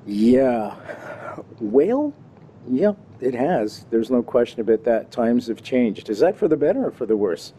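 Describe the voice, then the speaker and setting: A Canadian man hosts a laid-back talk show, talking to his listeners in a folksy, animated way. His voice is deep in tone, very dark and mellow. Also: measured pace, a little hiss or hum. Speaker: show host. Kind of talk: relaxed talk show hosting. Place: Kingston, Ontario.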